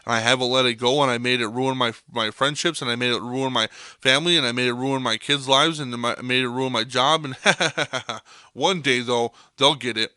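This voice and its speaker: A man's voice: medium pitch, moderate pace, pushed and bright, smooth, dry recording, clean studio sound. A young man hosting a podcast, delivering an intense monologue that swears freely and hammers points home by repeating them. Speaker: podcast host.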